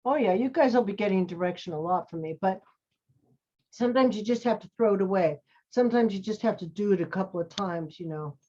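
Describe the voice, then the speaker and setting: A woman's voice: mid-range voice, a little fast, warm tone. A woman acting teacher coaching students over a video call, encouraging and calling them sweetie and honey. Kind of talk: coaching students in an online class. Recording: dull lo-fi call audio.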